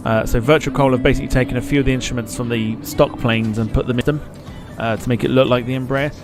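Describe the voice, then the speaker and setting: A man's voice: medium pitch, fairly even intonation, fast talker, over music. A man hosting a live flight-sim stream, chatting casually, swearing freely and reading comments aloud.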